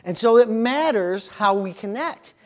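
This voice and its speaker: A man pastor preaching a sermon, telling animated stories and calling out "amen" and "praise the Lord". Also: high-pitched, a little slow. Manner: animated storytelling with amens and praise interjections.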